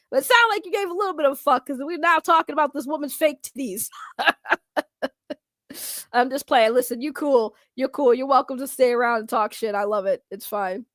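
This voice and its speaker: A young woman talks loudly and excitably, laughing often as she riffs with her stream chat. Her voice sits high and is captured close and dry, with no room around it. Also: a little fast, no echo. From Boston, Massachusetts. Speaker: streamer reacting to videos. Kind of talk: casual reaction stream chat.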